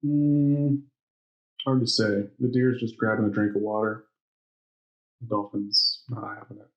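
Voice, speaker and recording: A man's voice: lowish voice, little pitch movement, measured pace, dull audio. A man co-hosting a podcast in casual banter, joking and laughing often. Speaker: podcast co-host. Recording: echoey room.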